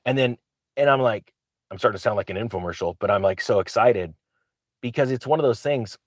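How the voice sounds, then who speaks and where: A man hosting his own channel, talking casually to camera in an excitable, rambling way with frequent restarts. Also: on the low side, fast, no echo. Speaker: real estate investor and channel host.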